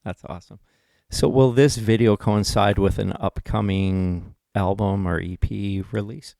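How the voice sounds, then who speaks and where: Brief: male host, gravelly low voice, short friendly questions, dry audio. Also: steady tone, unhurried, mellow, no echo. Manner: short encouraging reactions and questions. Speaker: podcast host. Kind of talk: casual interview.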